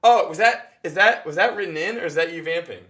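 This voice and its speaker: A man hosting a show, casually breaking down a comedy set in an animated way, with quick asides and acted-out reactions. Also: a little high, some chatter behind, a little hiss or hum. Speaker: show host reviewing standup. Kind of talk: casual analytical chat.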